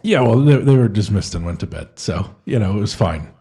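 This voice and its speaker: Male co-host, low husky voice, hesitant and self-deprecating in casual chat. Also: expressive, a little fast, warm tone. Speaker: podcast co-host and game master.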